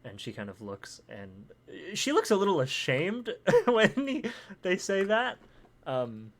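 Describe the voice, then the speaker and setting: Acting as dungeon master for a tabletop game, a man narrates with lots of fillers, restarts, and laughter. His voice is high-pitched and very animated, at a measured pace.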